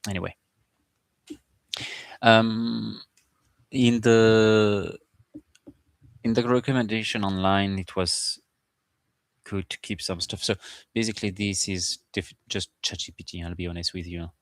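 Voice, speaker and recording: A man as game master, talking through his game prep in a halting, informal, think-aloud way. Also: fairly low pitch, level tone, no room sound. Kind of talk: casual game prep screen-share.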